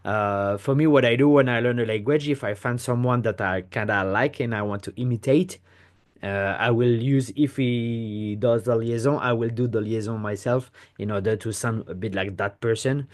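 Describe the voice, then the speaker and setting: Speaking at a moderate pace with a medium pitch, a native French-speaking man from France with a French accent teaches pronunciation to the camera. He's a patient language teacher who walks through each step and checks in frequently.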